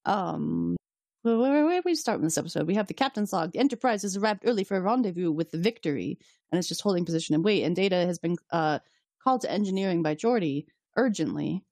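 A woman's voice: on the low side, animated, fast talker, darkish tone, no room sound, studio quality. A woman co-hosting a podcast in casual, chatty talk, often laughing and swearing as she recaps. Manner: chatty, giggly, fillers and swearing. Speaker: podcast co-host recapping a TV episode. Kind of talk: casual chat.

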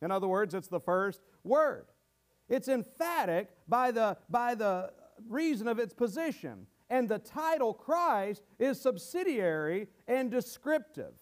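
A man's voice: extremely high pitch, big pitch swings, measured pace. A man preaching a sermon to his congregation, earnest and teaching verse by verse, often repeating words as he goes.

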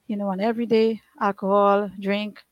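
Middle-aged woman, earnest testimony, restarts a lot, mid-pitched voice. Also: little pitch movement, moderate pace, dry recording, highs cut off. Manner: earnest, rambling, with frequent restarts and nonstandard grammar. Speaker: guest sharing her life story. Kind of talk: emotional personal testimony.

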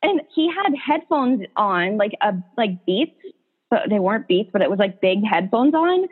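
A young woman chats in a casual podcast conversation, piling on "like" as her story rolls along. Her voice comes through narrow and tinny, like a phone line. Her pitch sits in a middle range. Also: big pitch swings, normal speed, husky. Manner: chatty storyteller, heavy "like" filler. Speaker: podcast host. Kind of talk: casual chat.

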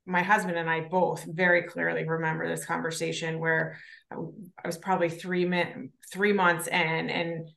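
A woman's voice: lowish voice, level tone, normal speed, creaky, fairly bright tone. A woman co-hosting a podcast, sharing a similar experience in an earnest way. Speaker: podcast co-host. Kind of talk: candid conversation. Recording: echoey room.

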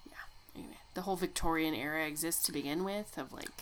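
A woman co-hosting a podcast in casual chat, animated and indignant, quick to joke and rant. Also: low voice, slight background noise. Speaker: podcast co-host.

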